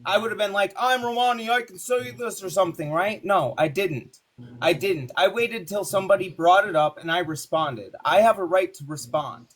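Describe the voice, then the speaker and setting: A woman in a heated live-stream debate, defensive and quick to swear, restarting her sentences and sometimes shouting. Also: fairly low pitch, slightly rough. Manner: gets loud and shouts in anger. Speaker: debate participant.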